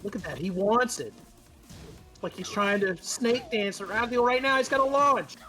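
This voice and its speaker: A man giving live fighting game commentary, excitable and jokey, with trash-talking asides. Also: high-pitched, normal speed, soft background music. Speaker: esports commentator.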